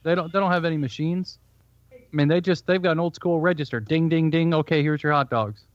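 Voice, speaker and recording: Man, Chicago accent, slightly high voice, dry muffled recording. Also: fast, dry recording. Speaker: co-host. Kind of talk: casual podcast banter. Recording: dull, slightly lo-fi dry audio.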